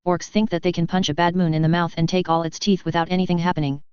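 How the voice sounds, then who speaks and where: A woman narrating a first-person fan fiction story in a steady, plain manner. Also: lowish voice, fast, clean tone, no echo, muffled recording.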